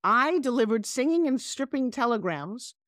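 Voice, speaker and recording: A middle-aged woman with a New York accent, a guest telling animated stories on a video call. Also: on the high side, moderate pace, dry recording, clean studio sound. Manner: animated, emphatic storyteller. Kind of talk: casual interview storytelling.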